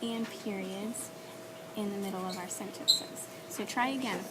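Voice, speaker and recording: A woman teaching children to read aloud, speaking clearly and patiently and giving encouraging feedback. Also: mid-range voice, unhurried, very noisy. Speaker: reading teacher. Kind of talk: instructional coaching and voice-over.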